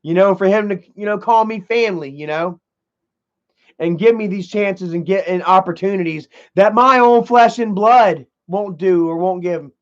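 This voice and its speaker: A man with a high-pitched voice talks off the cuff on a live stream, loose and rambling. He swears freely and leans on "man" and "you know". The audio is dull and lo-fi, with the top end muffled. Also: moderate pace.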